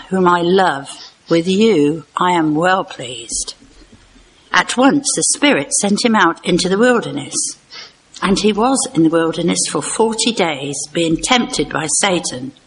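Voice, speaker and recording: A woman reading a Bible passage aloud in a church service, slowing down for the spoken quotes. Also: mid-range voice, a little hiss or hum, rough recording. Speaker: scripture reader.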